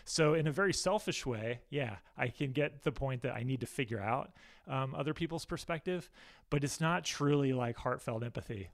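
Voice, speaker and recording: A man being interviewed as a guest, talking candidly and poking fun at himself, with lots of restarts. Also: mid-range voice. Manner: candid, self-deprecating, chatty with many restarts. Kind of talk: casual interview.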